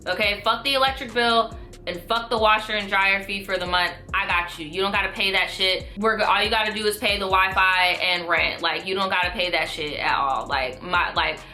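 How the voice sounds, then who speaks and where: Animated, profane woman telling a story. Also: medium pitch, fairly quick, soft background music. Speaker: vlogger. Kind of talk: storytime vlog.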